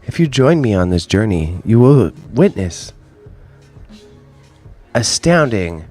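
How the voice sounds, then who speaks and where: A man doing a slow, lower radio announcer. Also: sing-song, darkish tone, soft background music. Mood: grandiose. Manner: slow, drawn-out, grandiose delivery. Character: smooth male public-radio announcer.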